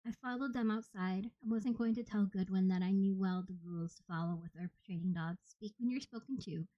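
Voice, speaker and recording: A woman narrating an audiobook in the first person with steady, plain storytelling. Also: mid-range voice, fairly quick, no echo, lo-fi sound. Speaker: audiobook reader.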